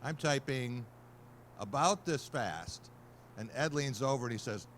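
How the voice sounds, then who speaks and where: A man's voice: mid-range voice, lively intonation, measured pace, a bit bright, a little hiss or hum. A male sportswriter on a panel, telling a wry anecdote and acting out the people in it. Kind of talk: panel talk, storytelling.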